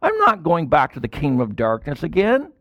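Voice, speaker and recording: A man preaching a sermon as a pastor, in animated style with sudden loud bursts and quiet drops. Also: fairly high pitch, fairly quick, no echo, lo-fi sound.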